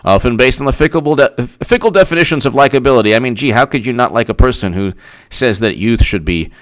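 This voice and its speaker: A man's voice: mid-range voice, animated, fast talker, no echo. A man who works as a political commentator, reading an article aloud and mocking it with sarcastic asides.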